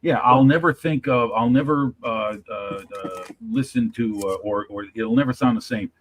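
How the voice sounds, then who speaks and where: A man on a chat panel speaking in a measured, slightly formal way with frequent pauses. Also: medium pitch, a little hiss or hum, rough recording. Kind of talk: casual chat.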